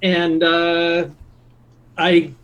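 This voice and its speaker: A man's voice: a little high, monotone, drawn-out words, a bit bright. A man playing a tabletop role-playing game and talking casually and hesitantly. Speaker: player.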